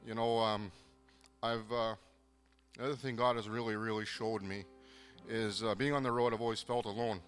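A man from southern Manitoba gives a personal faith testimony, earnest and halting, with many pauses and restarts. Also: fairly low pitch, flat delivery, fairly bright tone, big-room sound, faint music behind. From southern Manitoba, Canada. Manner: earnest, moved. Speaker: program participant giving testimony.

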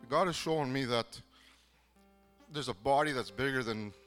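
A man from southern Manitoba gives a personal faith testimony, earnest and halting, with many pauses and restarts. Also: medium pitch, fairly bright tone, in a large hall, soft background music. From southern Manitoba, Canada. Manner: earnest, moved. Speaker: program participant giving testimony.

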